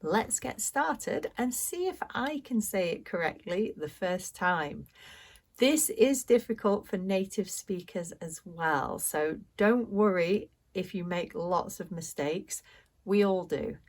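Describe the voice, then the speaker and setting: A woman with a British accent teaching English pronunciation, speaking clearly and deliberately with pauses for learners to repeat. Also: fairly low pitch. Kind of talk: slow pronunciation lesson.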